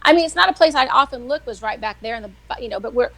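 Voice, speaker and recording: A middle-aged woman, a weekly guest who writes devotionals, telling faith stories in a chatty, animated way. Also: a little high, racing. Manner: chatty, animated, acts out quoted voices. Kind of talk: casual faith storytelling on a live show.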